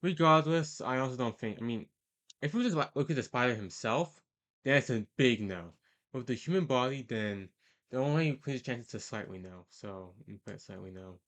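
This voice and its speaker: A video host ranks characters in casual, rambling tier-list commentary, his mid-range voice expressive and a bit bright at normal speed. He hesitates often, using lots of fillers and correcting himself mid-sentence.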